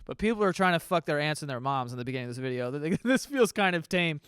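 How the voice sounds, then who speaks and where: A man's voice: a little high, very animated, quick pace, fairly bright tone, clear, resonant tone, dry recording, studio quality. A man in his thirties reading texts aloud and reacting with incredulous, swearing comedy commentary. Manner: incredulous, laughing, swears freely.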